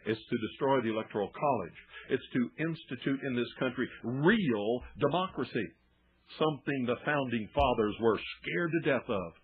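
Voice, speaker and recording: A man's voice: mid-range voice, lively intonation, normal speed, breathy edge. A man hosting a talk radio show with an indignant, emphatic ranting monologue. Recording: phone-band lo-fi radio broadcast.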